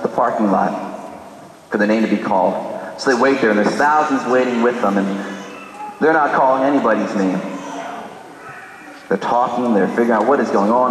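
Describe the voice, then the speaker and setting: Priest preaching in an echoey church. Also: male voice, mid-range voice. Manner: dramatic storyteller acting out dialogue. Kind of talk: sermon storytelling. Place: large church.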